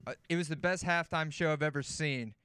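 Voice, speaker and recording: A man's voice: on the high side, brisk, clear, resonant tone, no echo. A man guesting on a sports talk show, chatting casually and telling stories with easy laughs and repeated words. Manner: relaxed, laughs easily, repeats words as he tells a story. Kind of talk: casual sports chat and storytelling.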